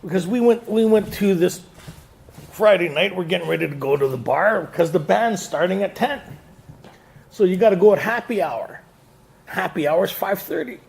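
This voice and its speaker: A man's voice: high voice, normal speed, gravelly, a little mellow. A man speaking to a recovery meeting audience, a joking storyteller who laughs often at his own lines. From Canada.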